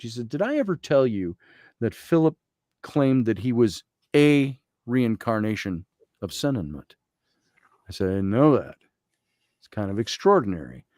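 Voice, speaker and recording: A man guest, an Egyptologist, telling a story in conversation, animated and quoting others, and slowly reading aloud from a journal. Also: mid-range voice, no room sound, clean studio sound. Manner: animated storytelling with quoted voices.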